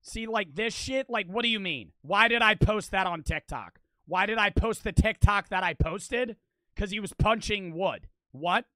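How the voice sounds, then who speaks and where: An excitable young man in his twenties streaming a game, with a high, bright voice. He chatters to his viewers in loose slang and yells at what happens on screen. The sound is dry and close. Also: moderate pace, no room sound. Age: 20s. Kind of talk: live-stream gameplay commentary.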